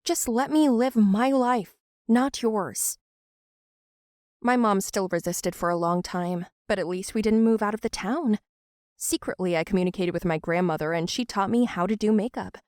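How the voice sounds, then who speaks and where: A woman narrating a first-person animated story in an earnest, emotional way. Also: medium pitch, moderate pace, dry recording, clean studio sound.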